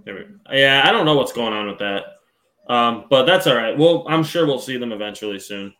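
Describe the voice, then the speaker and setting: A man co-hosting a wrestling podcast, talking in a relaxed, rambling way with frequent ums. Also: mid-range voice, moderate pace. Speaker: podcast co-host. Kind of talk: casual wrestling podcast chat.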